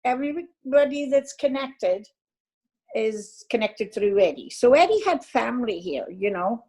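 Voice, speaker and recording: An older woman from Ireland, talking as a guest in an interview. Her voice sits on the high side, and she tells her stories in a chatty, warm-hearted way. She laughs often and restarts her sentences as she goes. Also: animated, unhurried, low-quality recording. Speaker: guest, Irish dance teacher. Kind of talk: casual storytelling in an interview.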